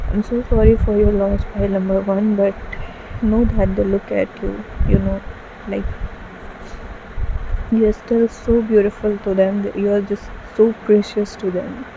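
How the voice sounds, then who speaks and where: A woman's voice: medium pitch, level tone, unhurried, vocal fry, lo-fi sound, noisy background. A woman giving an emotional tarot reading, gushing and full of fillers, tearful at times. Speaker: tarot card reader. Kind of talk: casual tarot reading monologue.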